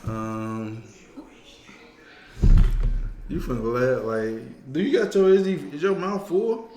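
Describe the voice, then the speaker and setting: A male streamer in casual banter during a game, drawling and halting with many fillers. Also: medium pitch, echoey room, over music.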